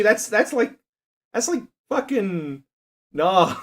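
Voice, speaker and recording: A young man chats casually with his live-stream audience while doing a quiz, joking, laughing often, and swearing freely. His voice sits high and sing-song, with drawn-out words and long pauses.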